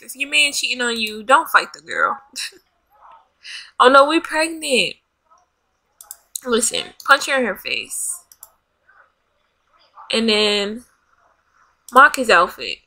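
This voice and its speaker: High bright-voiced woman gaming host. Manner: dramatic, bossing and scolding the game characters. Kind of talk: let's play commentary. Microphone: desk USB microphone.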